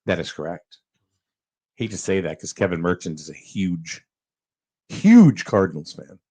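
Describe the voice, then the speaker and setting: A man's voice: sits low, sing-song, a little slow, warm tone. Rambling, chuckly morning radio host man. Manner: loose, chuckling, rambling with fillers. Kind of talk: casual morning talk radio chat.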